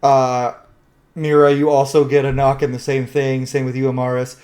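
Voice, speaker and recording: A man's voice: medium pitch, level tone, normal speed, a little mellow. Chatty man running a tabletop game. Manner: chatty, laughs often. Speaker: game master.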